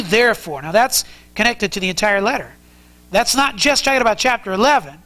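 A man's voice: high voice, pushed and bright, rough recording. A man preaching an expository sermon as pastor, earnest and conversational as he explains the text. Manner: earnest, conversational teaching with frequent restarts.

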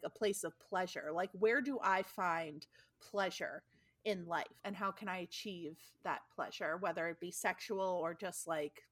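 Woman co-host, chatty and loose, mid pitch, dry sound. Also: a bit bright, no echo. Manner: chatty, fills talk with "like". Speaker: podcast co-host. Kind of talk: casual chat.

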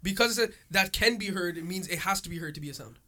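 A man's voice: sits high, fast, a crowd in the background. A man on a casual group podcast, bluntly lecturing the others and swearing. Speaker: podcast co-host.

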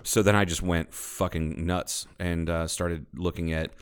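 A man's voice: deep voice, steady tone, unhurried, clean tone. A man co-hosting a casual podcast chat, telling bar stories with plenty of swearing and acting out other people's lines. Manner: profane, storytelling, mimics people in raised voices. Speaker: podcast co-host.

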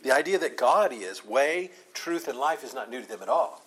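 A man's voice: medium pitch, expressive, normal speed, fairly bright tone, slightly rough, poor audio. A man preaching a Sunday morning sermon, teaching in an earnest way and leaning hard on the scripture he quotes. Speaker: pastor.

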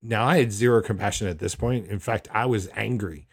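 Middle-aged male podcast host, lowish voice, candid and reflective storyteller. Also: breathy edge. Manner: reflective, candid, unhurried with frequent restarts. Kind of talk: personal storytelling.

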